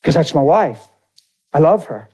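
A middle-aged man preaching a sermon through an animated, folksy personal story. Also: fairly high pitch, a little slow, slightly rough. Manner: animated, folksy, drawls into dramatic retellings.

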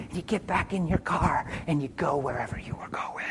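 A preacher delivers a folksy sermon story at a middle pitch, calling listeners "honey." The voice sinks into near-whispers, then bursts into loud, laughing exclamations. There is a faint hiss of noise underneath. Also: brisk, few pauses. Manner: homespun and familiar, calls listeners honey.

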